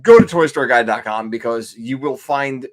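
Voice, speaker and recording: A man's voice: mid-range voice, moderate pace. Enthusiastic man co-hosting a podcast. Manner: enthusiastic interviewer, promotional plugs. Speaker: co-host. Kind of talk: casual podcast chat.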